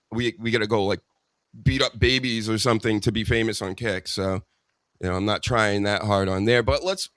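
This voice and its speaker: Boston host, blunt joking rants, dry close sound. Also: male voice, medium pitch, fairly bright tone, no echo. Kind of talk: casual live show chat.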